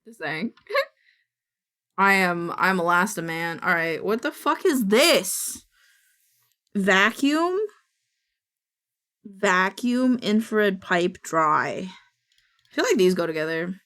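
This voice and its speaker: A woman's voice: lowish voice, expressive, takes it slowly, pauses often, sharp tone. A woman streamer chatting casually while she works, muttering to herself and swearing now and then. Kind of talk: casual co-working stream chat.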